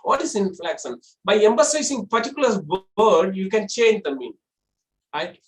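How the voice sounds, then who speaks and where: Teacher explaining voice modulation, swings the pitch up and down a lot, echoey room. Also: very animated, moderate pace. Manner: explanatory, demonstrates with exaggerated pitch shifts. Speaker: college lecturer. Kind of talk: online lecture on voice modulation. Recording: roomy echo.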